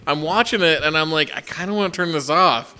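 A man's voice: on the high side, a little fast, bright, forceful tone. A man in casual chat as a podcast co-host, rambling through candid stories and swearing casually.

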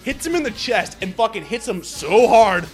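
Excitable high-voiced man ranting. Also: moderate pace, faint music behind. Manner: excitable, profane, rambling movie recap. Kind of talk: casual chat.

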